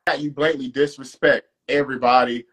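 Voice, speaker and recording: A man's voice: mid-range voice, fairly even intonation, fairly quick, fairly bright tone. A man co-hosting a live stream, asking questions in casual chat with lots of hesitant fillers. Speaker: co-host on a dual live stream.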